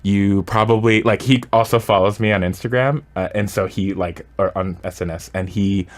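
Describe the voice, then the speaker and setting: A man's voice: fairly low pitch, fairly even intonation, normal speed. A man talking as a radio guest, chatting casually and giving advice, full of "like" fillers.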